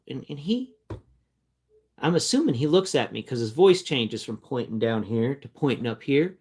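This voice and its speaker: A man's voice: mid-range voice, very animated, normal speed, a little mellow, breathy edge. Chatty rambling man telling a story. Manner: rambling, repeats words and restarts often; chatty, breaks off to talk to his cat. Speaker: vlogger telling a personal story. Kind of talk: casual spoken storytelling.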